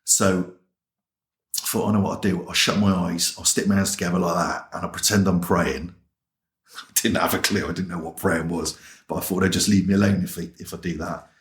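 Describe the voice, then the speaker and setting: Low-pitched and fairly quick, with fairly even intonation and a fairly bright tone, an English chaplain speaks in an echoey room. He is an interview guest telling his personal testimony as a story, plainly and colloquially, acting out recalled dialogue.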